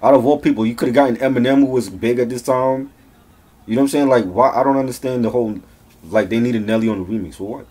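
A man's voice: mid-range voice, quick pace, a little mellow. A man co-hosting an album review in casual chat, incredulous and joking. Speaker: podcast co-host reviewing an album.

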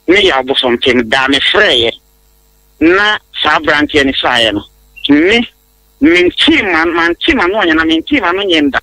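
A man's voice: on the high side, very animated, moderate pace, creaky, pushed and bright, no echo, rough recording. A man defending himself on a talk show, hesitant and pleading, stumbling and repeating his words. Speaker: accused guest.

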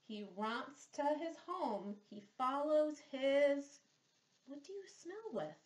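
Slow, high-voiced woman reading aloud. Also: lively intonation, darkish tone. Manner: slow, exaggerated sound modeling with questions to the listener. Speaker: children's therapist. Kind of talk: reading a picture book aloud to young children. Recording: roomy echo.

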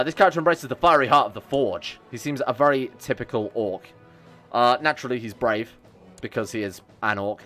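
With a medium-pitched, bright, and forceful voice, a young man gives live commentary as he prepares a strategy game, joking around casually with his chat. Faint music plays in the background.

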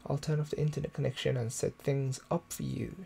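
Talking quietly so the neighbors won't wake at night, a young British man casually chats with viewers while live-streaming a game early in the morning at home. His medium-pitched, steady voice is fairly quick with vocal fry, and his desktop USB microphone picks up a noisy background.

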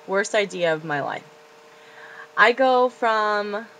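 A woman's voice: medium pitch, expressive, a little slow, fairly bright tone, low-quality recording. Profane, rambling teenage woman vlogging. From Florida. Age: late teens. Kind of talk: confessional casual rant. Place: her bedroom.

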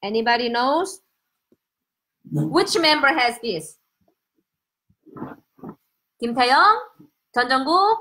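A middle-aged Korean woman with a Korean accent hosts a casual live stream from home, chatty and excitable as she greets viewers by name. Her voice is high and the recording quality is low.

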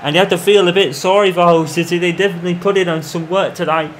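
Guy doing tv-style football commentary over his game, bit high voice, faint game noise behind. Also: fairly even intonation, fast talker. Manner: broadcast-style play-by-play, erupting at goals. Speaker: gaming commentator. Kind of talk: mock football match commentary over gameplay.

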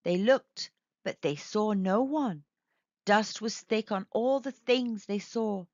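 Kids' storybook reader, woman, slow and expressive; dull lo-fi, dry sound. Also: mid-range voice, no room sound. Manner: slow, expressive, sing-song reading for kids. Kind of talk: storybook read-aloud.

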